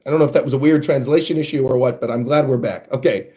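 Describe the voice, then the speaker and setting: A man hosting a casual reaction, thinking out loud as he reads panels aloud. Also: mid-range voice, quick pace. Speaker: manga reaction host.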